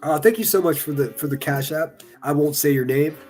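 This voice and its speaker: A man with a fairly high voice riffs through online comments in casual, swear-laden commentary. He mocks and needles his targets with biting sarcasm. Soft guitar music plays faintly underneath. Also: brisk. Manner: profane, sarcastic and mocking.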